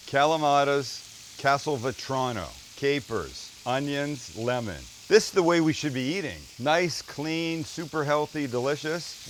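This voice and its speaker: Over a sizzling pan and a faint hiss or hum, a medium-pitched man hosts a casual cooking demo. He jokes and chats with his crew and himself as he cooks, letting the occasional swear word slip.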